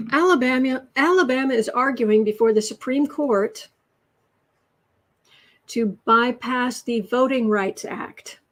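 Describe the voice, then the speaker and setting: An American woman runs a casual political livestream, reading headlines aloud, reacting with exasperation and cooing to her cat. Her voice is a little high, and she speaks slowly with frequent pauses.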